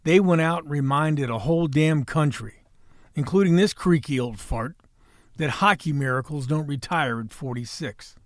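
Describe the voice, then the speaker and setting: A man in his sixties hosting a podcast, delivering a folksy, wisecracking monologue with salty language and a hoarse voice. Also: a little high, moderate pace, no echo, studio quality. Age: 60s. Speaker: podcast host. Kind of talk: opening monologue and casual chat.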